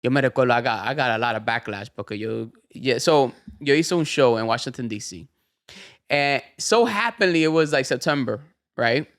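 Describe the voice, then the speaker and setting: A man's voice: medium pitch, expressive, fairly quick, fairly bright tone. A man hosting a casual podcast chat, eager and agreeing often, mixing Spanish and English. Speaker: podcast host.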